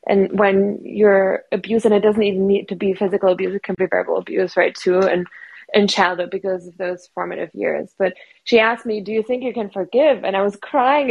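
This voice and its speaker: A woman's voice: mid-range voice, fairly even intonation, brisk, creaky, husky, lo-fi sound. A woman in her thirties, a podcast guest, telling a personal story in an earnest, reflective way.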